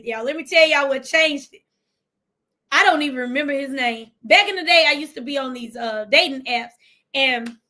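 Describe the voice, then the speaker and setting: A woman's voice: high-pitched, bright, forceful tone. A woman from Memphis with a Southern accent, giving an emphatic motivational livestream talk as a business coach, repeating lines for effect. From Memphis, Tennessee, US.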